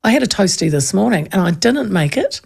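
A woman with a New Zealand accent hosts a radio show, spinning a chatty story with lively impressions of the people in it. Her voice carries a gravelly fry throughout. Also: medium pitch, fairly quick. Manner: lively, animated, acts out voices in anecdotes. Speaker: radio host.

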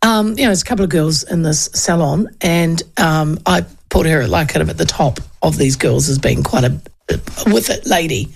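A woman in her fifties with a New Zealand accent hosts a radio talk show, chatting loosely about polls with rambling asides in casual political commentary. Her low voice is husky with vocal fry, and her pace moderate.

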